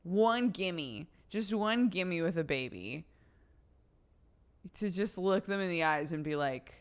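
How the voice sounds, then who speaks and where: Young woman streamer just chatting, smooth voice, swears a lot, tells stories loosely. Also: on the low side, expressive, slow pace. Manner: chatty storytelling, swears freely. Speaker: livestreamer. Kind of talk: casual chat to a live audience.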